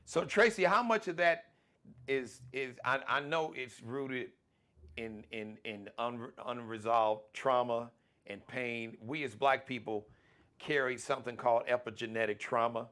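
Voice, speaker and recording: A man's voice: medium pitch, measured pace, fairly bright tone. A man from the United States hosting a live talk show, speaking emphatically and often repeating words as he starts a point. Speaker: host.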